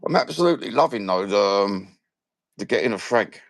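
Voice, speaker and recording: Cockney man, lowish voice, dry close sound, rambling fan-channel host. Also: brisk, no room sound. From London. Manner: animated, swearing, rambling slang-filled rant. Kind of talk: casual live-stream chat.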